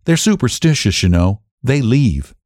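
A timid, soft-spoken sheriff's wife who talks in a hesitant, shrinking way, as a man voices her in a storybook reading. Her voice is pitched high and moves a lot. The recording is dry and close. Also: big pitch swings, measured pace, dry recording. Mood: haunted.

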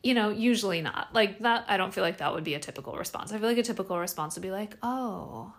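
A woman's voice: medium pitch, very fast. A young adult woman hosting a podcast, talking casually and animatedly with lots of fillers and restarts. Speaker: podcast host.

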